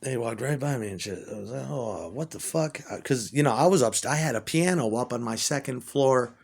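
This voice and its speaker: Male musician, mid-pitched, swearing and rambling through a casual anecdote. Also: a little fast, gravelly. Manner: profane, rambling, excitable when retelling. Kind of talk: casual storytelling monologue.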